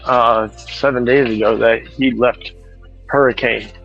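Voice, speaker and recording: A man's voice: mid-range voice, steady tone, measured pace, creaky, a bit bright, soft background music. Casual male streamer, talks on the go in a store, self-correcting, slightly lo-fi phone audio. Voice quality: rambling, corrects himself often. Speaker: truck driver streamer. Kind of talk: casual chat while shopping. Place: large store.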